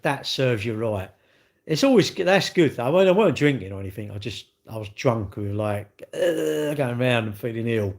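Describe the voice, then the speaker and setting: A middle-aged man hosts a livestream, chatting casually with viewers and reading their comments. He trades cheeky banter and swears, his lowish voice a little mellow.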